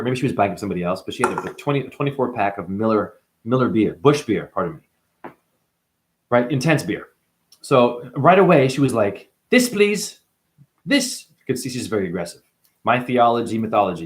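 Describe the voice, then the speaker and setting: A man talking straight to the camera as a self-styled spiritual guru, boastful and rambling, jumping from loud outbursts to muttered asides. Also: on the low side.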